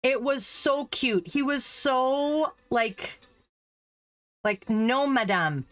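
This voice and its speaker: A middle-aged Canadian woman who used to teach French chats casually while embroidering, telling stories, laughing often, and acting out quoted voices. Her voice is high-pitched and fairly bright, and she speaks very slowly.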